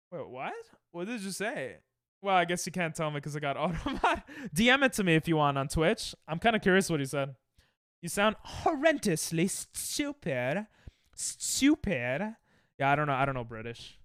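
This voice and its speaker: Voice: medium pitch, a bit bright, clear, resonant tone, dry recording, clean studio sound. A young adult streamer chatting casually with viewers while playing, reacting to chat and laughing often. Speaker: Twitch streamer.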